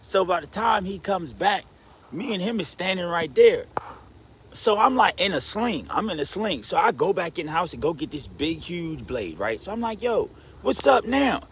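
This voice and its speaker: A man rambling through a personal story with a lively voice that leaps around. His pitch sits a bit high for a man, and he swings from low mutters to excited bursts. A faint background noise runs under him. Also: moderate pace. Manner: rambling, frequent "you know what I'm saying" and "right?" fillers. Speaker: vlogger telling a personal story. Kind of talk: casual storytelling monologue.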